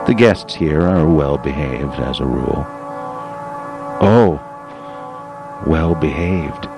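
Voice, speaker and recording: A man with a very low voice narrates a literary audiobook, slow and measured. His reading stays somber and brooding. Music plays clearly beneath him. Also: lively intonation, highs cut off.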